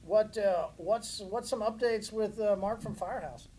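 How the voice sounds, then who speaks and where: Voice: medium pitch, normal speed, noisy background. A podcast co-host chatting casually in a playful, rambling way with many fillers. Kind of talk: casual chat.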